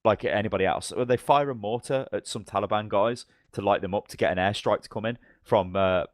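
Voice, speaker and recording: A man's voice: fairly low pitch, brisk, no room sound, studio quality. A man co-hosting a podcast, telling long, rambling stories in casual chat. He swears freely and acts out the lines of the people in his stories. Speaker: podcast co-host.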